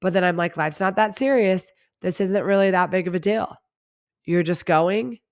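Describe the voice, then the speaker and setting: A woman's voice: on the low side, normal speed. A woman hosting her own podcast, telling a personal story in a candid, confessional way with lots of casual filler words. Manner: chatty and confessional, heavy use of "like". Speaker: podcast host.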